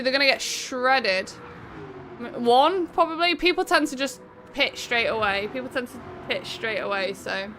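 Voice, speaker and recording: A woman's voice: a little high, noisy background. A woman with an English accent, commentating a racing game live on stream and chatting with viewers. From England. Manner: chatty, quick race commentary, greets viewers by name. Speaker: streamer hosting an online racing event.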